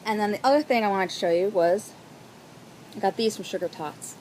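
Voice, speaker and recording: A woman's voice: medium pitch, brisk, darkish tone, slight background noise, low-quality recording. Bubbly woman gushing about knitting finds. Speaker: knitting podcast host. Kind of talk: casual chat. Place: outdoors.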